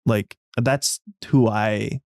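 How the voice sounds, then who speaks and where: A man's voice: fairly low pitch, fairly even intonation, extremely slow, vocal fry, darkish tone, dry recording, studio quality. A man hosting a casual talk show, rambling with fillers and restarts. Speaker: podcast host. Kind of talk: casual chat.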